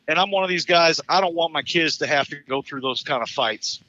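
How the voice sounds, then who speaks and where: A man in his fifties, a caller on a live talk show, telling a profane, animated story with stumbling restarts and laughs. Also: on the high side, brisk, highs cut off.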